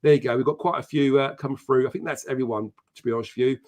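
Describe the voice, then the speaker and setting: A man's voice: medium pitch, steady tone, fast, darkish tone. Chatty man hosting a live show. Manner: chatty and profane, greeting viewers by name. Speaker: podcast host. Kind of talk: casual live-stream chat.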